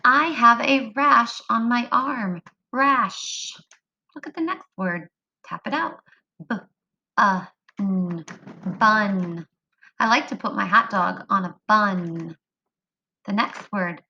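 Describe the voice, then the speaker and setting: A woman teaching a phonics lesson to young children, slow and sing-song, drawing words out. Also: fairly high pitch, vocal fry, pushed and bright, lo-fi sound, a little hiss or hum. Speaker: kindergarten teacher.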